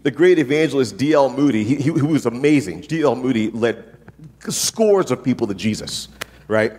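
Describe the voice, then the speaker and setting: A man preaching a sermon with lively, joking delivery, often asking "right?" and acting out the voices of the people he quotes. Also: medium pitch, moderate pace. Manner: animated, jokey preaching with frequent rhetorical "right?". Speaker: pastor. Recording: long reverb from a large hall.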